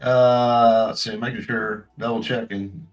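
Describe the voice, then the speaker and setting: A man's voice: medium pitch, level tone, unhurried, faint music behind. A man co-hosting a casual political commentary show over a video call, laid-back and hesitant with many fillers. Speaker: co-host.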